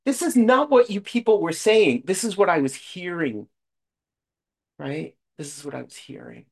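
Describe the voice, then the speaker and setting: A middle-aged man speaks frankly at a support meeting in a conversational way, full of fillers and asides. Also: a little high. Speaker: speaker sharing at a recovery meeting. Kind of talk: personal share at a support meeting.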